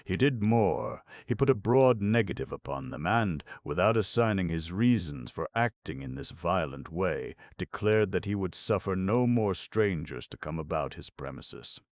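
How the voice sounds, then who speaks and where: A low-pitched man narrates an audiobook of a classic novel, telling the story in a measured, expressive way. The studio-quality recording has no room sound.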